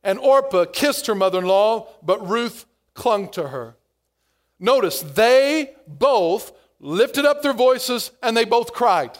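A male pastor preaching a sermon in an animated way, acting out inner voices as he goes. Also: high voice, slow.

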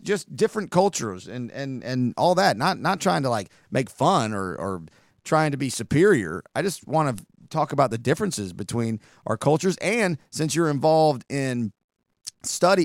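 Podcast host, man, gravelly voice, dry close sound, chatty rambling storyteller. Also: on the high side, no room sound. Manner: rambling, conversational, frequent asides. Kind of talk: casual storytelling monologue.

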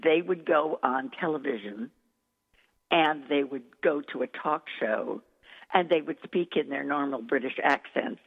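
A gravelly-voiced woman coach, effusive and full of enthusiasm as she tells her stories. Her voice comes through a thin, phone-like channel. It has a long reverb tail. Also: deep voice, normal speed. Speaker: dialect coach, guest. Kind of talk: interview storytelling. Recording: echoey, tinny phone-like recording.

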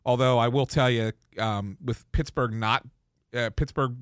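A man talks sports in a relaxed, chatty podcast style. His voice sits at an ordinary middle pitch. The sound is dry and close to the mic. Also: a little slow, clean tone, dry recording. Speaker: podcast co-host. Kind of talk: casual sports podcast chat.

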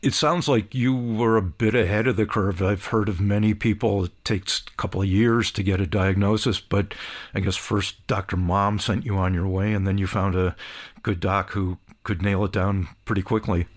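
Low-voiced male interviewer. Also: steady tone, normal speed. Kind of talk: interview questions.

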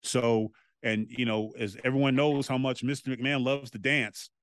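A man, a former wrestler, telling stories as a podcast guest in a loose, animated way and swearing freely. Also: mid-range voice, normal speed, a crowd in the background. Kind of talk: casual anecdotal storytelling.

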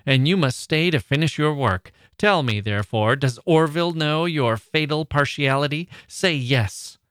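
A man reading aloud and voicing a jealous 18th-century gentleman who pleads and rages theatrically. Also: on the high side, normal speed, dry recording, studio quality, pitched above the performer's own voice, close to an everyday voice. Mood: furious. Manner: impassioned, theatrical outbursts.

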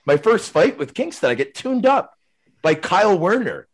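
A middle-aged man, a former hockey player, telling stories casually as a podcast guest, rambling and animated, tagging his sentences with questions. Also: high-pitched, normal speed. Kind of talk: casual storytelling.

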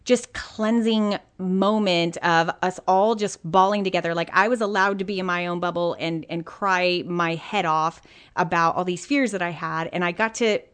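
A woman's voice: fairly low pitch, fairly even intonation, normal speed, clean tone. A woman hosting a podcast, chatting earnestly about a moving personal experience. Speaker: podcast host. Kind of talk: casual interview chat.

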